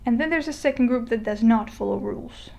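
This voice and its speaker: A woman giving a casual explainer lesson, chatty with fillers and restarts, slowing down to model words. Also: on the high side, creaky, darkish tone. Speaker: Spanish teacher. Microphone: voice-over on a screen recording.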